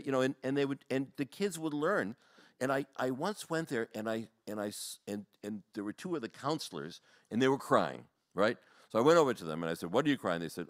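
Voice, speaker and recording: A man, a rabbi, telling stories to an audience in a rambling, animated way, full of fillers and short laughs. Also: medium pitch, no room sound, clean studio sound. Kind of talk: storytelling talk.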